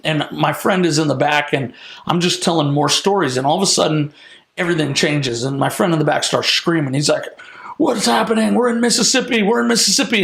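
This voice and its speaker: Excited guy telling a wild story, gravelly voice, kinda high. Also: echoey room. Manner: excited, restarts often, quotes people in lively voices. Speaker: guest telling a testimony. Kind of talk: animated storytelling.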